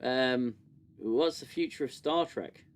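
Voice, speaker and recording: A man's voice: mid-range voice, takes it slowly, smooth. Rambling British man hosting a livestream. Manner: rambling, many fillers and restarts. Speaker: livestream host. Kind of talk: casual livestream chat.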